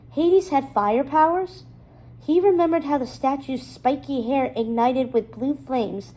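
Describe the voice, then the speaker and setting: Mellow woman reading a storybook aloud. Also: high-pitched. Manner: expressive storytelling narration. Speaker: storybook reader. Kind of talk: children's novel read-aloud.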